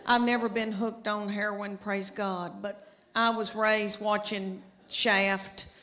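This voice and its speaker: A middle-aged woman tells stand-up stories to a live audience, chatty and self-mocking, with folksy asides to the crowd. Her medium-pitched voice is slow and sharp with little pitch movement, captured in a live stage recording with long reverb.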